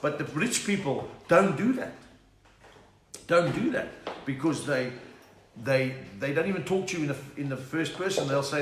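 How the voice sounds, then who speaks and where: A man's voice: on the high side, animated, moderate pace, fairly bright tone. A middle-aged man with a South African accent, a comedian telling jokes and chatting with viewers on a home livestream. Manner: chatty, bursts into laughing song bits. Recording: echoey room with faint hiss.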